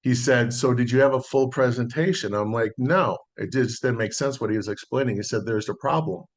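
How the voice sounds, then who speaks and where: A middle-aged man, a solar sales consultant, telling a relaxed story in a podcast interview and acting out the dialogue. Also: mid-range voice, brisk. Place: Las Vegas.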